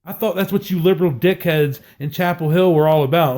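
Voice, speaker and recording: A man's voice: a little high, a little fast, few pauses, a little mellow. A man co-hosting a talk show, launching into angry, profane political rants. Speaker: podcast co-host.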